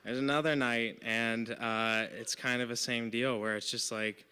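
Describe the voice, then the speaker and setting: Bright, clear-voiced young man telling a story. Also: medium pitch, steady tone, a little slow. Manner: casual, filler-heavy, lots of "like" and "you know". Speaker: volunteer storyteller. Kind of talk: live personal storytelling. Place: stage at a live storytelling show.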